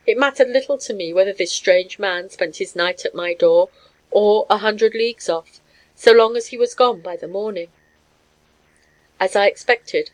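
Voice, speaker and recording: A woman giving a measured, scripted narration of a story. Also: mid-range voice, rough recording. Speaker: audiobook narrator.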